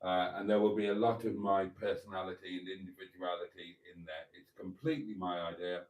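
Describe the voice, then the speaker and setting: A man's voice: deep voice, level tone, a little fast. A man hosting a casual livestream, chatting affectionately and reading out viewer comments. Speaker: livestream host.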